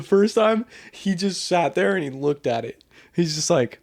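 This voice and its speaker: A man's voice: a little high, expressive, unhurried, vocal fry. A young man co-hosting a casual sibling podcast, telling a rambling funny story and laughing along. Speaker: podcast co-host. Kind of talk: casual chat.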